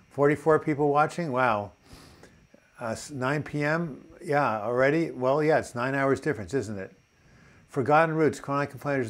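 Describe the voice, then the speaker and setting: An older man with a New York accent hosts a casual live chat, reading viewer comments aloud and telling corny jokes. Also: medium pitch. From New York City.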